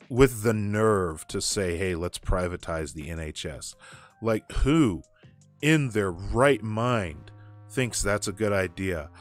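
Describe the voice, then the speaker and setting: A man from the United States streaming a game and ranting about politics with sarcasm and frequent swearing. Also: on the low side. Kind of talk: casual chat while gaming.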